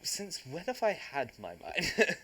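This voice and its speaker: Young man with a lively voice. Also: fairly high pitch, takes it slowly, crowd noise. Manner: jokey, teasing, laughs often. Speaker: podcast host. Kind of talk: casual podcast chat.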